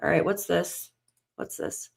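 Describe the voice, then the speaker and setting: Gravelly and fairly low, this woman's voice swings widely in pitch at a slightly slow pace. As host of a missing child live stream, she sounds shaken and tense, murmuring to herself while digging for news.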